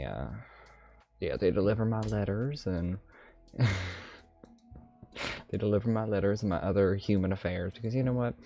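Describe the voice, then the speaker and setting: Low-pitched and mellow, this man's voice carries an in-character live stream as an old, impish male dragon mage, complete with a lisp and a fake dragonish accent. He rambles with playful, self-amused asides over slightly dull audio and faint music.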